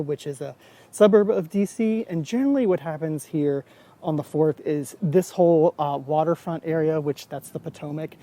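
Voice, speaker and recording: A man's voice: fairly high pitch, mellow. A man in his forties chatting casually in a vlog, reviewing a hair product in a rambling, self-deprecating way. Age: 40s.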